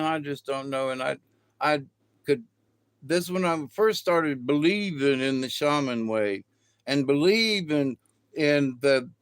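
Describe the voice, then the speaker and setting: A middle-aged man talking in a loose, folksy, digressive way, as if chatting to viewers. His voice sits at an ordinary pitch, and the recording is dry with no room sound. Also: dry recording. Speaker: vlogger. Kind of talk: rambling spiritual monologue.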